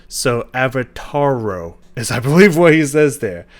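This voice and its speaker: A man hosting a music reaction, talking casually with excited, rambling enthusiasm and lots of restarts. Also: mid-range voice, measured pace. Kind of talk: casual reaction and song analysis.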